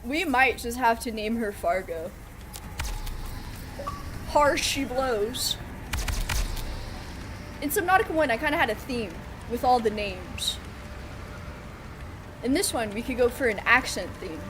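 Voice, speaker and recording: A woman's voice: a little high, expressive, normal speed, noisy background. A woman streaming a video game live, chatting casually and playfully and laughing often. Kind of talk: casual live gameplay chat. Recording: game sounds audible behind voice.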